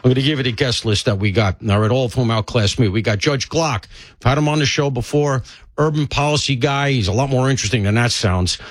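A man's voice: medium pitch, fairly quick, no echo. An older man hosting a talk radio show, chatty and joking, stuffy from allergies. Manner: chatty, joking, grumbling asides. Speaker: fill-in radio talk host. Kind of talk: casual talk radio monologue. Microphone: studio mic.

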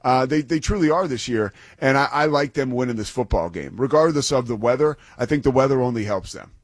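A man's voice: medium pitch, animated, brisk, no room sound. A man who is a play-by-play broadcaster, co-hosting a sports talk show in an enthusiastic, rambling, self-deprecating way. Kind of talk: sports talk radio banter.

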